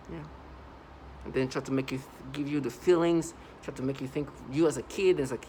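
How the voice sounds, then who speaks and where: A man of middle pitch talks straight to his viewers in a loose, insistent monologue. He keeps circling back and restarting his phrases. A faint hiss sits under his voice. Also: fairly even intonation, brisk, warm tone, rough recording. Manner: repetitive, emphatic, many restarts. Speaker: vlogger. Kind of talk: casual monologue to camera.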